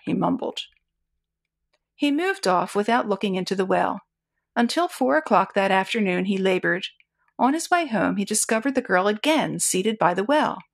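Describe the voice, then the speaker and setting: Gravelly woman reading a story. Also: mid-range voice. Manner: steady, measured storytelling. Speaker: narrator. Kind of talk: audiobook reading of a pulp story.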